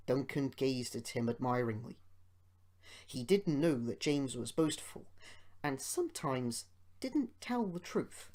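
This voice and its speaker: Slow, expressive male storybook reader. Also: mid-range voice. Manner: expressive, measured reading. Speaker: amateur audiobook reader. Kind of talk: storybook narration.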